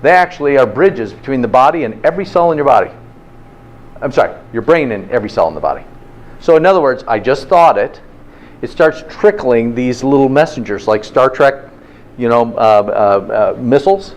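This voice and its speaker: A man's voice: mid-range voice, animated, moderate pace. A man teaching a health class in an informal, interactive way, often checking in with "okay?". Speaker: health instructor.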